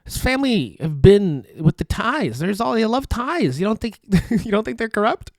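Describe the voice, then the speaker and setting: A young man hosts a podcast from a foldable table in his studio apartment, ranting sarcastically, cursing, laughing often and trailing off. His voice is high-pitched and a little mellow, with big pitch swings and a moderate pace, recorded dry.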